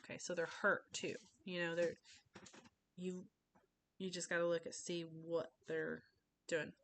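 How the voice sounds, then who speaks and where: Young woman talking thru a class speech on webcam, kinda low voice, faint rumble in the back. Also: flat delivery, unhurried, a bit bright. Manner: casual, many fillers and restarts. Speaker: student giving a class speech. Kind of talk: informal informative speech.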